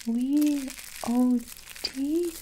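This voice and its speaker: A small, frightened schoolboy answers eagerly in a whispered role-play, as a woman puts him on. His voice sits higher than the narration, nervous and hushed. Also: drawn-out words, background noise.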